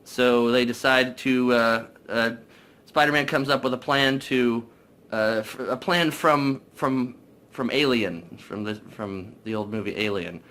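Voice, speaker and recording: A young man casually recapping a movie, swearing a lot, excitable and full of fillers. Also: medium pitch, measured pace. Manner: profane, excitable, many fillers. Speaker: movie reviewer.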